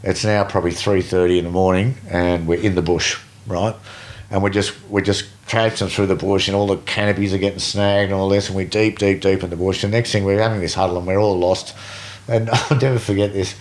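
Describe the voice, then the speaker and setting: A middle-aged man with an Australian accent tells a story as a guest, animated and swearing freely, acting out the other people's voices. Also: low-pitched, fairly quick, hardly any pauses. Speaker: guest, veteran BASE jumper. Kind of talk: casual storytelling.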